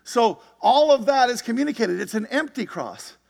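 A man's voice: extremely high pitch, lively intonation, normal speed, vocal fry, darkish tone, in a large hall. A man preaching a sermon in a conversational way, often checking in with his listeners. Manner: conversational preaching with frequent "right?" and "you see it?". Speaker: pastor.

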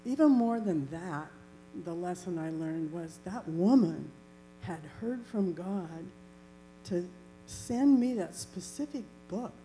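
A woman's voice: fairly low pitch, animated, slow pace, warm tone, poor audio. A woman earnestly sharing a personal faith testimony in a reflective way. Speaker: church member giving a testimony. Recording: faint electrical hum.

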